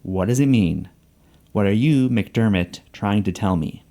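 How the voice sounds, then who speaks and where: A man with a fairly low, dark voice reads a novel passage aloud a little slowly. He voices a vain, tense male Wall Street banker simmering with anger, who talks through gritted teeth and hisses in whispers.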